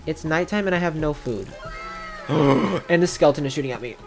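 A streamer chatting casually while gaming, excitable, gasping and quick to panic. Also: male voice, fairly high pitch, over music.

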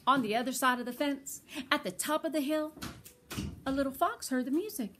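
Grandma reading a picture book to little ones, high bright voice, slow and tender. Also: female voice, slight background noise. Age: older. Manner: tender, slow and expressive storytelling. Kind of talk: children's read-aloud.

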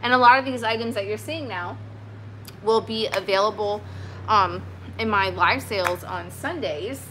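A chatty woman talks through her thrift finds in an easy, rambling way, full of fillers and restarts. Her voice is bright and forward, with a faint hiss in the background. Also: medium pitch, normal speed. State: sweaty, warm. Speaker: vintage reseller. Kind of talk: casual haul video chat.

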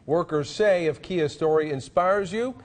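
A man reading the evening news as studio anchor, in a measured newsreader delivery. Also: on the high side.

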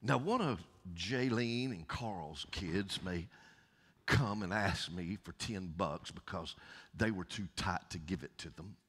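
Southern man, pastor's sermon, folksy, very low voice, husky, long church reverb. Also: slow. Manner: folksy, swings from loud calls to soft near-whispers. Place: church sanctuary.

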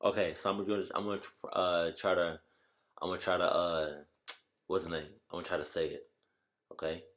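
A man in a casual vlog, reacting with loud exclamations and slangy chatter while trying out a translation app. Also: sits low, level tone, brisk. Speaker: YouTuber.

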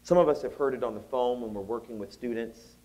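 Man, conference keynote, storytelling, acts out voices, high exclaims. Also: fast, dark tone. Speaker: keynote speaker. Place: conference hall.

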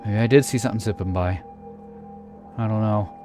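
A man narrating a scary game playthrough in a theatrical way, dropping to a hush and then shouting in panic. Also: lowish voice, fairly quick, faint music behind. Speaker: let's player. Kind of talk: acted creepypasta gameplay narration.

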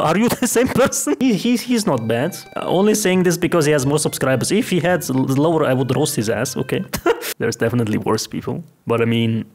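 A man's voice: fairly high pitch, expressive, a little fast. A young man from Austria, answering fan questions in a brash, cocky, profane and joking way. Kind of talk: casual Q&A vlog.

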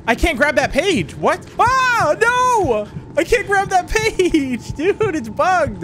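Brief: young male gaming commentator, high-pitched, panicky, faint game noise underneath. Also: fairly bright tone. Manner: panicky, repeats words rapidly when scared. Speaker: gaming YouTuber.

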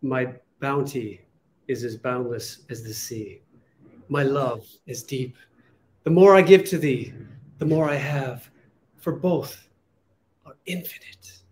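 A man reciting the lines of a devoted young Juliet professing her love, in a soft and heartfelt delivery of verse. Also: medium pitch, slow, long pauses, a little hiss or hum, lightly acted. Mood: tender.

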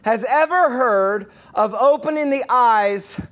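A man's voice: very high voice, slow pace, fairly bright tone, voice pushed up, heavily acted. A man playing a sarcastic, bold once-blind man. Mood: incredulous. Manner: bold, incredulous, rising emphasis. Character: sarcastic plain-spoken formerly blind man.

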